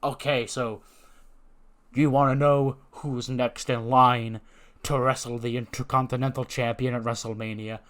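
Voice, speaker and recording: A man voicing an imposing male wrestling general manager announcing a match deliberately. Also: medium pitch, steady tone, bright, forceful tone.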